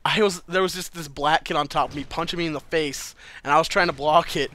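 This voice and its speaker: A man's voice: a little high, steady tone, brisk, pushed and bright. A man casually telling a personal story to camera, chatty and loose, swearing freely and laughing between lines.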